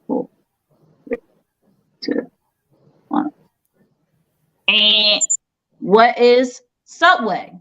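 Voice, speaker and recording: A woman's voice: mid-range voice, big pitch swings, very slow, pauses often, sharp tone, highs cut off. A woman hosting a casual online quiz show, playful and teasing with the players. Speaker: game show host.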